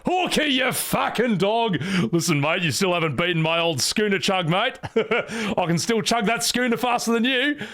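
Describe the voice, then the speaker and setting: A brash, rowdy spy, put on by a man, in a mock Australian accent, bellowing swear-laden banter. The voice jumps high and swings wildly as he hams it up. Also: lively intonation, moderate pace. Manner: boisterous, shouting, swearing banter.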